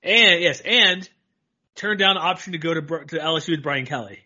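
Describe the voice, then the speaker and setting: A man co-hosting a podcast, talking sports in a rambling, animated way and laughing often. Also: fairly high pitch, brisk. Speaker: podcast co-host. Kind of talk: casual sports chat. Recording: dull lo-fi audio.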